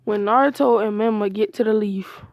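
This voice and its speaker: A woman's voice: mid-range voice, steady tone, normal speed, no room sound, dull audio. A woman casually improvising a fan-fiction story, rambling with frequent restarts and slangy grammar.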